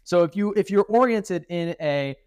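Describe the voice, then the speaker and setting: A young man co-hosting a podcast in casual chat, telling stories with lively acted quotes. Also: sits high, normal speed, smooth, no room sound, studio quality. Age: young adult. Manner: animated storytelling, quotes others in acted voices. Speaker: podcast co-host.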